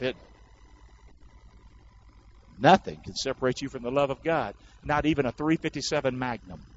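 A male preacher delivering a sermon, calling on the congregation to repeat after him and rising to loud recitation. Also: medium pitch, highs cut off, slight background noise. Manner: call-and-response preaching, builds to loud recitation.

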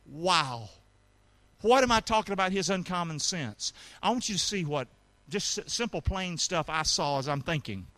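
A man's voice: sits high, normal speed, no room sound. A man preaching a sermon in a folksy, colloquial way, calling on his congregation to answer back. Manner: animated, calls for congregation response. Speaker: pastor.

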